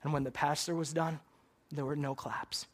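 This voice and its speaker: An earnest male preacher speaks to his listeners with a slightly raised pitch. His delivery stays level and even, with little rise and fall. In prayer he keeps returning to "God" and "Lord". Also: moderate pace. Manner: asks "right?" of the listeners. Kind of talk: sermon and closing prayer.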